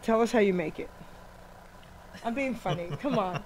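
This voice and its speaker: Teasing animated woman radio host. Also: medium pitch, normal speed, rough recording. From Italian-American family. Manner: teasing, animated, laughs often. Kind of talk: casual chat. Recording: live radio studio with faint noise.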